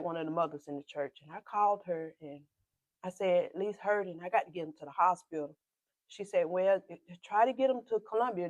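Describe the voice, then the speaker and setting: A woman pastor with a South Carolina accent gives a personal testimony as a podcast guest. She tells the story emotionally, acts out the dialogue, and often drops to a hushed whisper. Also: lowish voice, no echo, lo-fi sound. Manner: repeats and re-enacts dialogue with quoted speech.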